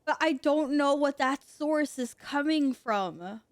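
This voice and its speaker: A woman's voice: high voice, expressive, slow pace, no room sound. A woman streaming a game, chatting casually to her viewers and exclaiming and giggling a lot. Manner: giggly, exclaiming, talks to chat. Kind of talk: casual gaming stream chat.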